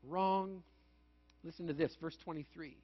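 A man from Manitoba, Canada, preaches in a high voice. His sermon runs like a chat, full of stories and jokes at his own expense. The recording sounds dull and lo-fi. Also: fairly even intonation, measured pace, faint music behind. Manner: conversational, storytelling, self-mocking humor. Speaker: pastor.

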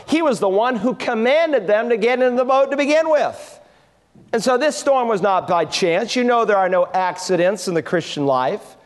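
A preacher with a high, bright-sitting voice delivers an expressive sermon to his congregation. He swings his delivery for emphasis and drops low and hushed on the tender passages. A long reverb trails each phrase, as in a church sanctuary. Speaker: pastor.

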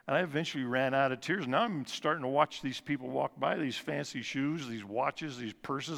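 A man in his sixties giving an earnest personal testimony at a church service, slowing and dropping his voice soft for emphasis. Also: mid-range voice, creaky. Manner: earnest storytelling, slows and drops soft for emphasis. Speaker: guest speaker at church service. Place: church sanctuary. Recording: long reverb of a large church hall.

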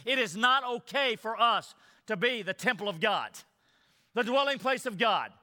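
A man's voice: high voice, sharp tone, big-room sound. A male pastor preaching a sermon, emphatic, repeating parallel phrases for stress.

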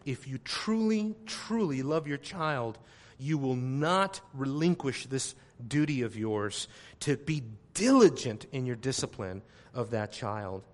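A man preaching a sermon to his congregation. He talks emphatically, repeats phrases to drive his point home, and swings from quiet asides to loud exclamations. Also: mid-range voice.

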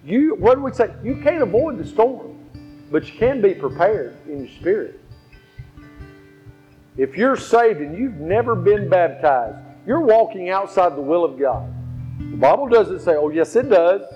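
This sermon comes from a man whose sing-song voice sits high and moves a little slowly. He tells stories and leans on repetition for emphasis, with a faint guitar behind a slightly dull recording.

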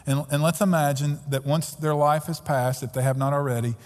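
A man's voice: on the high side, fairly even intonation, brisk. A pastor preaching a sermon earnestly and emphatically, often repeating his words as he goes. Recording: long hall reverb.

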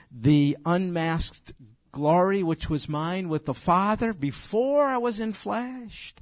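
Informal Bible teaching comes from an older man whose voice is fairly high pitched. He is emphatic and conversational, speaking straight to his group, and the recording is dry and studio quality.

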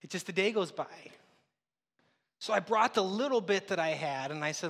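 A man's voice: fairly high pitch, fairly quick, vocal fry, fairly bright tone, in a large hall. A man preaching a sermon as pastor, telling stories in a conversational, self-deprecating way. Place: church sanctuary.

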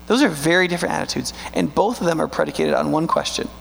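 High, gravelly-voiced pastor preaching. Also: male voice, a bit bright. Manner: emphatic, rhetorical questions, slow stressed words. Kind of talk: sermon. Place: church sanctuary. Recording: long hall reverb with faint mains hum.

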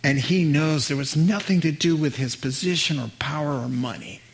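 A man's voice: a little high, moderate pace. A male preacher delivering a sermon in an earnest, emphatic way, acting out scenes from a Bible story.

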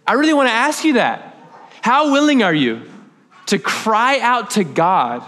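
A man's voice: sits high, big pitch swings, unhurried, a bit bright. A young man preaching a sermon as pastor, conversational and joking, with off-the-cuff asides.

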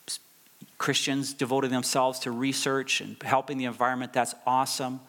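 A man's voice: medium pitch, little pitch movement, normal speed, a bit bright. A middle-aged male pastor preaching a sermon, stressing and repeating key phrases for effect. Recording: long reverb of a large hall.

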